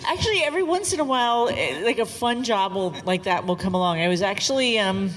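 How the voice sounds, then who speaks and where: A woman's voice: medium pitch, animated, fast talker, a bit bright. A woman chatting cheerfully on a convention panel about voice work. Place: large convention hall. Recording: long hall reverb.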